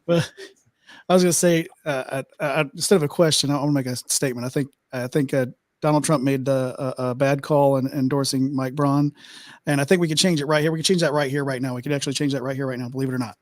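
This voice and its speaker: A man's voice: mid-range voice, fairly even intonation, quick pace, no room sound, pitched below the performer's own voice, close to an everyday voice. A man doing an impression of a blustering older male politician, repeating himself with boastful emphasis. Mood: emphatic. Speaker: podcast co-host.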